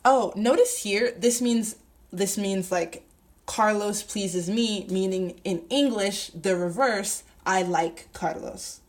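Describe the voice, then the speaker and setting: A young woman teaching a grammar lesson, talking slowly and deliberately while writing on a board and spelling things out. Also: medium pitch. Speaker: Spanish teacher.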